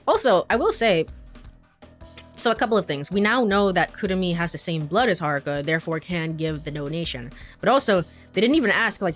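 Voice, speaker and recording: A young woman streamer chatting casually while playing a story game, with quick laughing asides. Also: fairly low pitch, faint music behind. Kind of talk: let's play commentary.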